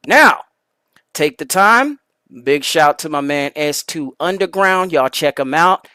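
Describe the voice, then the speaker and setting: A rowdy host kicks off a podcast with crude jokes, whoops and rambling shout-outs. The voice is bright and swoops up and down, and it takes its time over every word. The sound is close and dry. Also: mid-range voice, expressive, unhurried, dry recording. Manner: exuberant, shouting, crude and joking. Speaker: show host. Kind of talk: loud rambling podcast intro.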